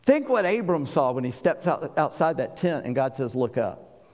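A man from South Carolina with a Southern accent, preaching a sermon and swinging between booming and hushed delivery. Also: very animated, normal speed, in a large hall. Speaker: pastor.

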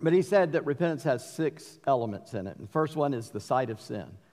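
A middle-aged man with a Southern accent preaching a sermon, mixing forceful emphatic bursts with folksy asides. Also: medium pitch, animated, fairly quick. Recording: long hall reverb.

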